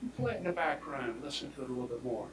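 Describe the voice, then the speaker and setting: A man delivers a prosecutor's closing argument, speaking emphatically and swinging between loud declarations and hushed near-whispers. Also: mid-range voice, expressive, very fast, a little hiss or hum. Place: courtroom. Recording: echoey courtroom audio from far off.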